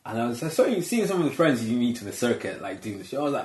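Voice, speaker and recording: A man's voice: mid-range voice, sing-song, racing, darkish tone, a little hiss or hum. A man, a stand-up comedian, telling a story in casual chat and acting out what people said. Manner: storytelling, acts out quotes. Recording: echoey room.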